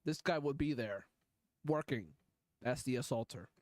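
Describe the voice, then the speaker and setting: A man's voice: mid-range voice, moderate pace, music in the background. A man streaming live, reacting to videos in blunt, profane, rambling commentary.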